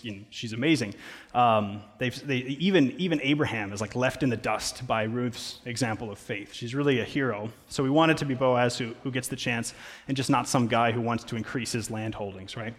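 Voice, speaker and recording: A man, a pastor, preaching a sermon in a casual, conversational way with playful asides. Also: mid-range voice. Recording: long reverb of a large hall.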